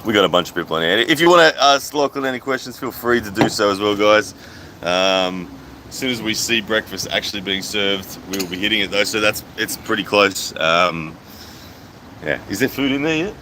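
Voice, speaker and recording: A man's voice: fairly low pitch, expressive, brisk, pushed and bright, slight background noise, rough recording. A man hosting a casual livestream, reading out viewer comments as he chats. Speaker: livestream host. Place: outdoors at a hotel poolside.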